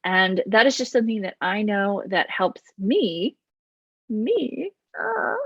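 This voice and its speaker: A business coach gives casual advice straight to camera in an easy, chatty style, loud and fast with bouncy energy and talking with her hands. Her mid-range voice has a breathy edge. The recording is dry, a bit dull, and lo-fi.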